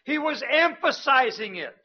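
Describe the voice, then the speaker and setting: A man who is a missionary, preaching a sermon slowly and emphatically, rising in pitch and volume when he repeats words. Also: very animated, breathy edge. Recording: dull, lo-fi sound.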